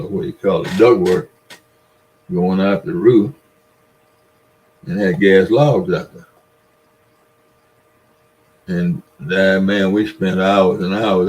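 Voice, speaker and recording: An older man with a Southern US accent and a low-pitched voice tells rambling, folksy stories. He chats casually on a livestream and talks straight to his viewers. A faint background hiss runs under his voice. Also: a little mellow, low-quality recording. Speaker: livestream host. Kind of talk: casual livestream chat, reading viewer comments.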